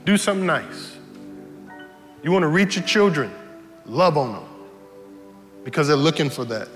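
A male pastor preaching a sermon in a church, animated and humorous, repeating key lines for effect. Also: a little high, normal speed. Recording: reverberant hall with faint music.

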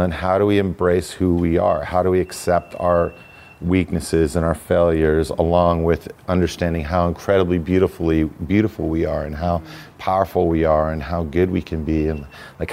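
A man with a very low, deep voice speaks as a guest on a podcast. He tells his stories reflectively and loosely, pausing on "you know" and circling back on his sentences. A faint hiss sits under the recording. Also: vocal fry, darkish tone. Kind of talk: casual conversational storytelling.

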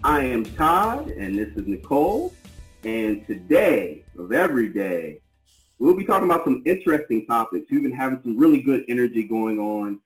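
A man's voice: medium pitch, sing-song, normal speed, darkish tone, echoey room, soft background music, rough recording. A man co-hosting a podcast, talking in an effusive, rambling, enthusiastic way. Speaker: podcast co-host. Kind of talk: casual podcast chat.

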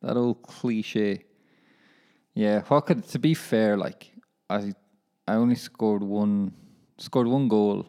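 A man's voice: lowish voice, slow, long pauses, warm tone, smooth. A young man hosting a casual solo podcast, chatting in a rambling, self-deprecating way and calling his listeners lads. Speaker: professional footballer and podcast host.

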